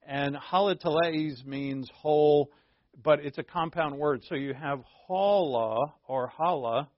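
A man preaching a sermon as a pastor, teaching conversationally with asides and self-corrections, and slowing down to stress key words. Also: mid-range voice, vocal fry, no echo. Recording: dull, lo-fi dry recording.

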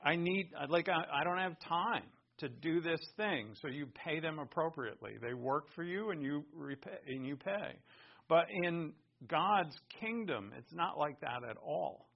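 A male pastor preaching a sermon, emphatic, swinging from loud stresses to hushed words. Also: fairly high pitch, expressive, unhurried, creaky. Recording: dull lo-fi recording.

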